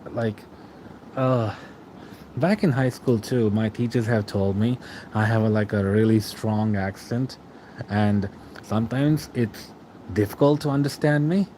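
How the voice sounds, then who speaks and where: A man's voice: fairly low pitch, measured pace, warm tone, slight background noise, poor audio. A young man streaming late at night, reading out chat and answering in a rambling, casual way with frequent chuckles.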